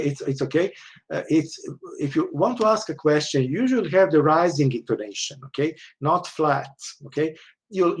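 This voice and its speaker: A man's voice: fairly high pitch, darkish tone. Man lecturing, constant "okay?" checks. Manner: frequent "okay?" checks, restarts, explanatory. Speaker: university lecturer. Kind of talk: online lecture.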